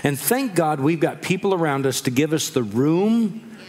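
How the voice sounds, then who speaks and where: Animated high-voiced male preacher. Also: normal speed, in a large hall. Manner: animated, acts out quoted voices, laughs often. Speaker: pastor. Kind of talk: sermon. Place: church.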